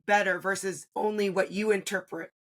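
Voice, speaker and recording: A woman's voice: mid-range voice, steady tone, normal speed. A woman with a mid-range voice interviews a guest. She responds reflectively, thinking aloud and restarting her phrases as she goes. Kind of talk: conversational interview.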